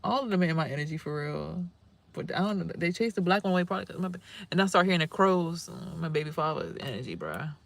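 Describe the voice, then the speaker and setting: A young woman rambling casually in a spiritual vlog outdoors, animated and swearing, exclaiming at things she sees. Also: low-pitched, fast talker, creaky, a little hiss or hum. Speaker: spiritual vlogger and reader. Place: outdoors near trees.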